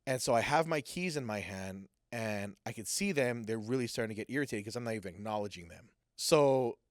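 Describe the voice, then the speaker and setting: A man telling a personal story in a casual, animated way, acting out what people said. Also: lowish voice, fairly quick, no room sound, clean studio sound. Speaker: guest sharing a personal testimony.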